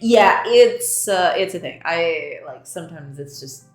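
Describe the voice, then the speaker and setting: A woman's voice: lowish voice, animated, measured pace. A young woman hosting a game development livestream, greeting viewers and chatting casually, laughing often and tripping over her words. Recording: roomy echo, faint background music.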